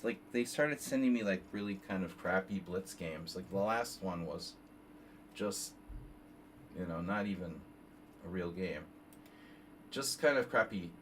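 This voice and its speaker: A man in his fifties streaming casual chess analysis, rambling off on tangents while he reads moves aloud. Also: fairly low pitch. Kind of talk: casual live game analysis. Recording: slightly distant mic, faint background noise.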